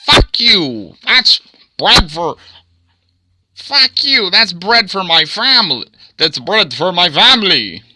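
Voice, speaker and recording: A man's voice: high voice, sing-song, slow pace, bright, forceful tone, no echo, voice pushed up, full character voice. A man voicing a furious starving man fighting over a loaf of bread, screaming and cursing. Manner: screaming, cursing, repeating himself.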